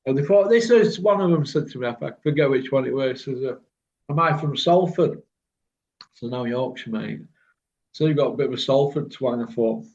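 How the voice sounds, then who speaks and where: A man with a Birmingham accent hosting a casual online chat, blunt and rambling, quick to laugh. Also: mid-range voice, a little mellow. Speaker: host. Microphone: video call. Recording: muffled lo-fi video call audio.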